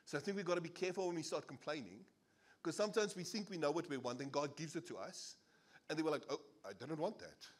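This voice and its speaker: A South African-accented man preaching a sermon as pastor, animated and playful, laughing as he jokes with the congregation. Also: fairly high pitch, quick pace. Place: church service.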